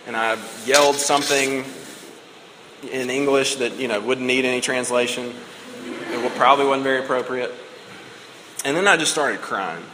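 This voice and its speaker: A man's voice: medium pitch, moderate pace, long pauses, sharp tone, a little hiss or hum. A man in his thirties giving a conversational, emotional sermon as a pastor. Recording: reverberant hall with faint ambience.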